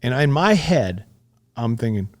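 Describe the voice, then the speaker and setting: Middle-aged guy on a podcast, candid storyteller, cusses a lot, average pitched voice. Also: unhurried. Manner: candid, swears freely, animated retelling. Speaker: podcast guest. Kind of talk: casual storytelling.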